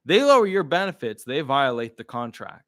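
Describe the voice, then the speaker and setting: Animated indignant man. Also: medium pitch, normal speed, no room sound, clean studio sound. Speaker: disability lawyer. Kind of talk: casual commentary to camera.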